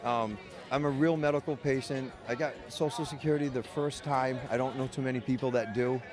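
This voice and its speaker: A man's voice: medium pitch, fairly even intonation, brisk, music in the background, crowd noise. A man candidly telling his own story in an interview, blunt and profane, rambling with restarts. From United States. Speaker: medical cannabis caregiver and patient.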